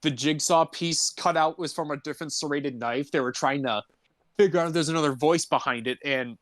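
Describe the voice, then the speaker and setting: A man co-hosting a podcast who talks casually and rambles at length, laughing easily as he goes. His voice is a little high, and the recording is dry and close. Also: brisk, a bit bright, dry recording. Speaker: podcast co-host. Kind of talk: casual chat.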